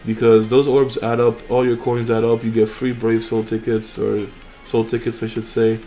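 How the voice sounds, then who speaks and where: A man's voice: mid-range voice, little pitch movement, moderate pace, dark tone, soft background music. A young man hosting a mobile game channel, chatting casually and rambling with fillers and restarts over his gameplay.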